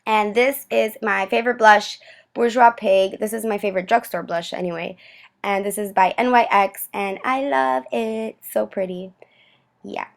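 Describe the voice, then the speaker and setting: A young beauty vlogger talks her viewers through a makeup look. Her pitch sits in the middle of the range. She sounds chatty and enthusiastic, as if chatting with friends. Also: moderate pace, gravelly. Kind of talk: makeup tutorial voice-over.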